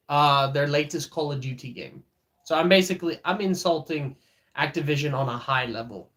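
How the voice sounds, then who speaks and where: This is a man chatting on his live stream, talking at a slow, easy pace. He teases and roasts his viewers as he reads their messages, often stalling on fillers and starting over mid-sentence. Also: fairly high pitch, a bit bright. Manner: joking, teasing, reads chat aloud; many fillers and restarts. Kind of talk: casual live-stream chat.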